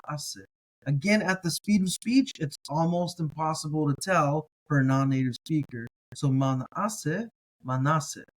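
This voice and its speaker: A man teaching a relaxed, casual language lesson, carefully sounding out each word slowly and repeating it, with encouraging asides. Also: medium pitch, low-quality recording. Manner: relaxed, encouraging, thinks aloud with fillers. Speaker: Hebrew teacher.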